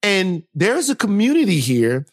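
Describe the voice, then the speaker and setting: A man's voice: high voice, huge pitch swings, a little slow. A young man co-hosting a podcast, telling stories playfully and animatedly, with lots of fillers. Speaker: podcast co-host. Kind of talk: casual podcast chat.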